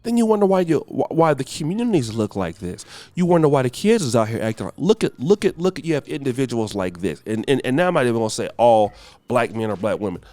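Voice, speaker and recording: A podcast host from the United States delivers a ranting commentary monologue, preachy and emphatic, swinging between shouting and muttering. His voice is mid-range, with no room sound.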